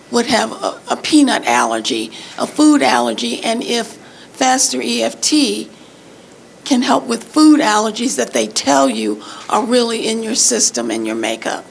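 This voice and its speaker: Female audience voice, higher pitch, gravelly, faint room noise. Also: poor audio. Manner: halting, restarts her question. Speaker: audience member asking a question.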